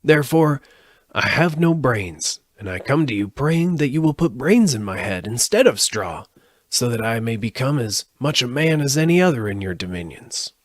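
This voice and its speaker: A man's voice: medium pitch, big pitch swings, moderate pace, no echo, pitched above the performer's own voice. A man voicing a humble, earnest scarecrow. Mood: pleading. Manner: earnest, raised pleading.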